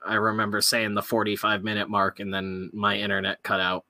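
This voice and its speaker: A man's voice: lowish voice, brisk, no room sound. A man in casual podcast chat, telling stories with lots of swearing, recording remotely from home. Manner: profane, animated storytelling. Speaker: podcast co-host. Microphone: headphones with remote podcast mic.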